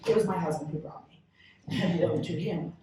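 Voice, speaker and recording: A woman's voice: on the low side, moderate pace, very noisy. A woman from Texas, telling stories as a panelist at a convention panel, chatty and giggly. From Texas, United States. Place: large convention hall. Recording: echoey hall from far off.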